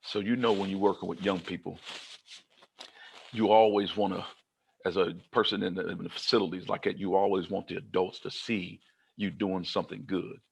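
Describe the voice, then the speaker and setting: A man from Kentucky giving a humorous motivational keynote, telling his own story in an animated style and acting out the dialogue. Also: low-pitched, moderate pace, gravelly, a little hiss or hum. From Kentucky, United States. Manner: animated, comic, acts out dialogue.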